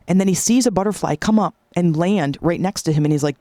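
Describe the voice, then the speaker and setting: A woman's voice: lowish voice, quick pace, warm tone, dry recording, clean studio sound. A woman hosting a motivational podcast, coaching listeners in an emphatic, repetitive way. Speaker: podcast host.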